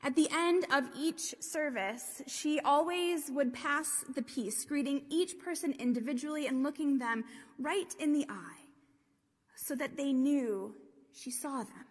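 A woman preaching a sermon, telling a story in a slow, gentle way and dropping to a hush at times. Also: high voice. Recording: long reverb of a large hall.

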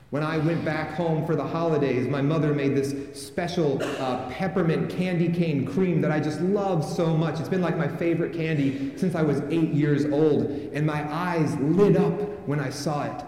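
Pastor with a mellow, slightly high voice in a big echoing hall. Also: male voice, moderate pace. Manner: calls on the congregation to respond. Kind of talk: sermon. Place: large church sanctuary with a congregation. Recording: echoey hall with long reverb.

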